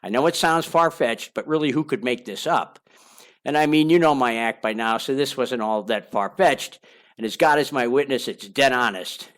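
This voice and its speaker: An older man narrating his own memoir aloud in a candid, confessional way, with wandering asides and small repeats. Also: medium pitch. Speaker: memoir author reading his own book.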